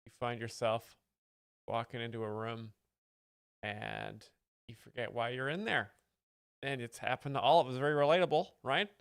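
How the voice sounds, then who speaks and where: Deadpan man over-explaining jokes. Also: medium pitch, moderate pace, vocal fry, pauses often, clean tone, no echo. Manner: mock-earnest, dry, over-explains jokes. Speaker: joke explainer host. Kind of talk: deadpan comedic commentary.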